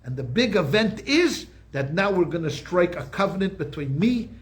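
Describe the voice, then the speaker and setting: An older male rabbi with a notably high voice gives an informal Torah class. He tells the stories with animation, acts out the characters' words and often repeats himself as he talks. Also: normal speed. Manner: animated storytelling, acts out quotes, frequent repetitions.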